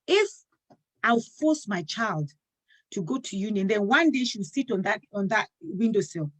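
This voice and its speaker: A woman's voice: mid-range voice, sing-song, normal speed, husky. Earnest storytelling woman host. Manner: earnest storytelling, acting out quoted dialogue. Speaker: talk show host. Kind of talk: casual talk show conversation.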